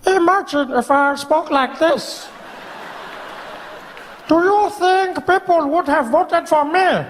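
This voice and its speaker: A male comedian doing an impression of an aged statesman, calm and wise, with slow, weighty, measured speech. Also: extremely high pitch, in a large hall, slight background noise, pitched above the performer's own voice, exaggerated voice. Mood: slow-lecturing.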